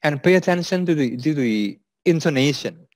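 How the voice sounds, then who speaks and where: A man's voice: on the high side, expressive, moderate pace, a little mellow, dry recording. A man with an Indonesian accent teaching an English lesson, patiently repeating example sentences.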